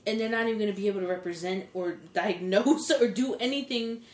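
A woman's voice: medium pitch, a little fast, reverberant. A woman co-hosting a podcast, talking casually and indignantly, acting out what other people say. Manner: indignant, animated quoting of others. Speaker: podcast co-host. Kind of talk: casual chat.

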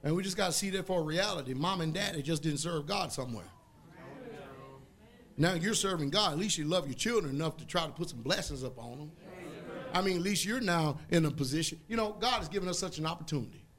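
Fervent high-voiced male preacher. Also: animated, fast. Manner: fervent preaching, bursts into shouts. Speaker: pastor. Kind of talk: sermon.

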